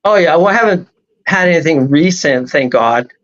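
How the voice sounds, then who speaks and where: A man speaking as a show guest, telling a long personal story in a rambling, animated way. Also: a little high, moderate pace, lo-fi sound. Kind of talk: casual storytelling on a talk show.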